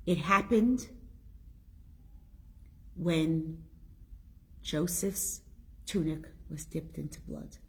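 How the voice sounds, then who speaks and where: Middle-aged woman giving a torah class, kinda husky voice, emphatic storyteller. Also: medium pitch. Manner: emphatic storytelling with rhetorical questions. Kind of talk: spoken Torah lesson.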